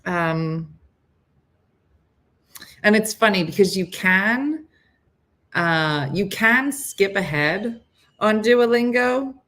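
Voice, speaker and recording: A woman's voice: mid-range voice, expressive, drawn-out words, long pauses, fairly bright tone. A middle-aged woman chatting casually on a morning live stream, rambling and answering viewers' comments.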